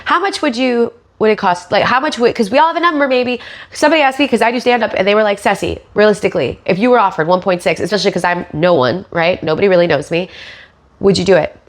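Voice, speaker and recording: A woman's voice: mid-range voice, quick pace. Sarcastic, mocking woman. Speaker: podcast host and stand-up comic. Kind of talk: sarcastic commentary.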